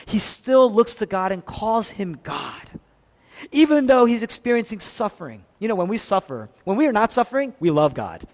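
A male pastor delivers a dramatic sermon in a high-pitched, animated voice. He swings between loud cries and hushed, low passages. The sound rings with the long reverb of a large hall. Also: moderate pace.

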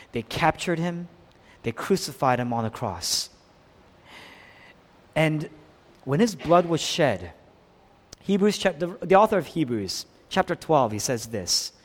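High, lively preaching man in a hall. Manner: emphatic, rising to strong peaks then dropping low. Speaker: pastor. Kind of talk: sermon. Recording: long hall reverb.

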